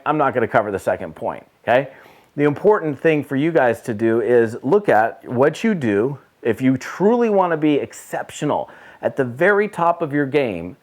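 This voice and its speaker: A middle-aged man, a network marketing trainer, telling a story to camera in a casual motivational talk and repeating points for emphasis. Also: mid-range voice.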